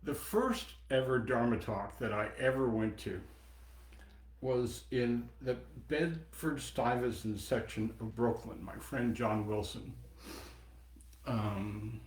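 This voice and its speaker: A man in his seventies giving a dharma talk as a Buddhist teacher, reflective, pausing and personal. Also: mid-range voice. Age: 70s. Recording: echoey meeting room.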